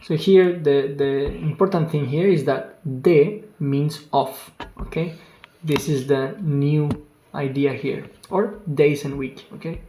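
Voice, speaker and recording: A language teacher talking at a very slow, deliberate pace. Each word comes several times, sounded out with exaggerated care. The voice sits in an echoey room with faint typing clicks behind it. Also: mid-range voice, warm tone, a little hiss or hum. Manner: exaggerates pronunciation on purpose. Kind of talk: online language lesson. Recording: roomy echo with faint keyboard clicks.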